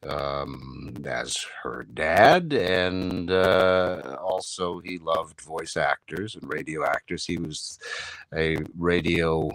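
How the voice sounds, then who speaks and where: This man has a low, bright, forceful voice, and he tells stories with lots of restarts. He talks from a home studio mic, and the sound is very dry and close. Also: slow pace, dry recording, poor audio. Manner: anecdotal, many restarts, slips into impressions. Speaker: voice actor guest. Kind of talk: casual reunion chat, storytelling. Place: home recording setup. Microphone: home studio microphone.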